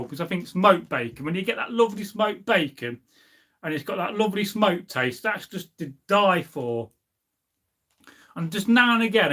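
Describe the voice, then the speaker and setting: A man hosting a casual live stream, rambling and reading out chat comments, drawing out food words slowly. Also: on the high side, fairly bright tone.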